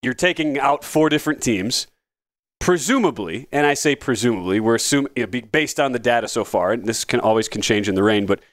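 A man's voice: mid-range voice, expressive, a little fast, no echo. A man hosting a sports betting podcast, talking casually with wry asides and frequent restarts. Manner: rambling, self-correcting, wry asides. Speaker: podcast host.

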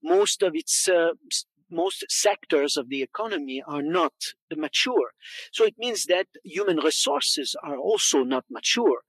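A man in his fifties from Montreal with a Quebec French accent, giving a conference presentation, often repeating words for emphasis and pausing on fillers. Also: on the high side, lively intonation, vocal fry, a bit bright, breathy edge, no echo. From Canada, Montreal. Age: 50s. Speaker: conference speaker.

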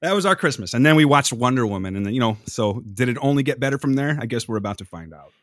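A man's voice: medium pitch, fast, no echo, clean studio sound. A man, hosting a podcast and telling rambling, profane stories. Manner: animated, profane, jumps between anecdotes. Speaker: podcast host. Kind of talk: casual storytelling chat.

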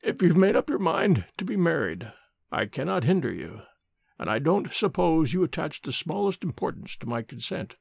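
A man voicing a dying old nobleman, sinister and spiteful, speaking slowly and menacingly with a gravelly voice. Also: very animated, no echo, clean studio sound, full character voice. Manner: slow, low and menacing.

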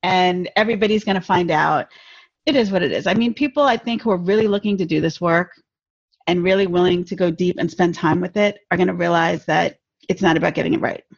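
Reflective husky woman guest, forties, dull lo-fi remote sound. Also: fairly low pitch. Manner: measured, reflective. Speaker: podcast guest. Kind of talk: casual podcast conversation.

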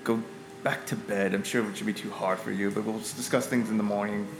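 A gruff, curt older guard with no patience left, played by a man in a lowered, clipped voice. The sound is echoey, with faint music underneath. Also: steady tone, brisk, lightly acted. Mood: stern. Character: stern older male guard, gruff and impatient.

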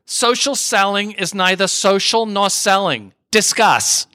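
A man's voice: high-pitched, animated, unhurried, sharp tone, dry recording, clean studio sound, voice pushed up, full character voice. A man putting on a middle-aged female talk-show hostess with a New York accent, declaiming in a theatrical catchphrase style. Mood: mock-solemn.

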